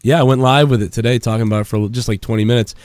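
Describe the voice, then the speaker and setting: A man's voice: mid-range voice, steady tone, racing, darkish tone, no echo, clean studio sound. A man hosting a podcast from his home basement, telling long rambling stories full of swearing and laughter. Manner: rambling, profane, laughs a lot. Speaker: podcast host. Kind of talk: casual chat.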